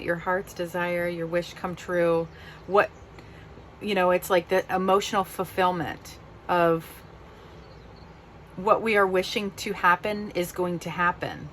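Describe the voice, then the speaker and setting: A woman's voice: on the low side, fairly even intonation, a little slow, fairly bright tone, a little hiss or hum. A woman giving a casual, heartfelt tarot reading, openly emotional as she talks. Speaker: tarot reader.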